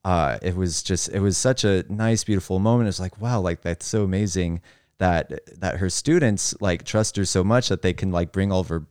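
A man telling a funny story on a casual podcast, animated, with laughing asides. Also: sits low, moderate pace, clear, resonant tone, no room sound, clean studio sound. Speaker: podcast co-host.

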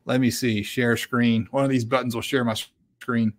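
A man's voice: medium pitch, flat delivery, normal speed. A man from the American South hosting a live-stream podcast in a casual, self-deprecating way, reading out viewer comments. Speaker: podcast host.

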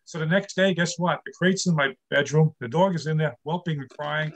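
A man's voice: fairly high pitch, a little fast. An older man performing a stand-up comedy set, telling wry, self-deprecating jokes about his marriage.

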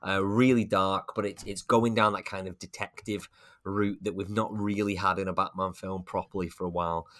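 A man's voice: low voice, level tone, moderate pace, fairly bright tone. A man co-hosting a casual podcast, chatting about film news with wry asides and frequent laughter. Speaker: podcast co-host.

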